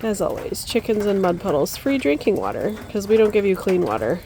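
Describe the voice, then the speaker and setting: A woman homesteader filming a casual vlog outdoors in her yard and garden on a handheld camera. She talks chattily, coos to her birds in a high coaxing voice, and lets out dismayed exclamations. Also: sing-song, fairly quick, mellow, a little hiss or hum.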